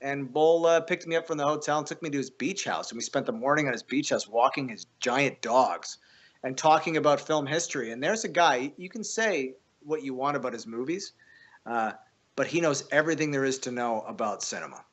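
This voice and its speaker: A man at a medium pitch talks loosely and animatedly as a podcast guest. He swears freely, stumbles over restarts and keeps pushing the story forward. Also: lively intonation, brisk, a bit bright. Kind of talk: casual storytelling.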